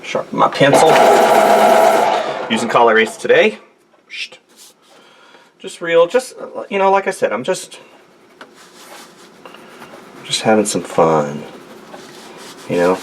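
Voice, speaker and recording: At the desk in his home studio, a male artist rambles through a drawing demo, cracking jokes and muttering to himself while he draws. He has a medium-pitched, very animated voice, speaks slowly with frequent pauses, and there's a little hiss or hum.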